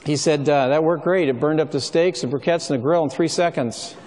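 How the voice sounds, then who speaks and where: A middle-aged man gives a sermon in an easygoing, storytelling style, moving a little fast and filling pauses with ums and uhs. His voice is slightly higher than the average man's, and a long reverb lingers after each phrase as though he's in a big hall, with a faint hiss or hum underneath.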